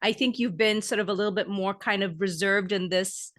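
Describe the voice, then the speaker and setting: A woman podcast host with a mid-pitched voice who gushes with praise and answers her guest with quick, encouraging affirmations. Her tone stays chatty and conversational throughout. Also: fairly even intonation. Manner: warmly effusive, short affirmations.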